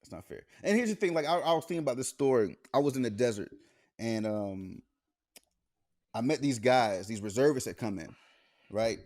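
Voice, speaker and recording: A man co-hosting a podcast, chatting casually and telling stories in a profane, animated way. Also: medium pitch, normal speed. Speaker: podcast co-host. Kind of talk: casual chat.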